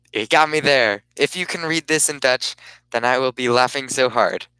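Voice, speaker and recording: A man talking on a live stream at an unhurried, slow pace. His voice is smooth and clean, recorded dry and close with no room sound. He rambles and stops and starts, often breaking off his own sentences. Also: medium pitch, bright, forceful tone, no echo, rough recording. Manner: rambling, halting, self-interrupting. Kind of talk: casual live-stream chat.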